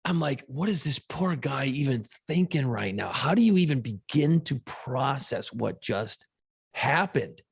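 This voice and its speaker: A man's voice: mid-range voice, animated, measured pace, creaky, slightly rough. A middle-aged man co-hosting a podcast, telling an emotional story with plenty of swearing and quoted reactions. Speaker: podcast co-host and radio host. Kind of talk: casual podcast chat.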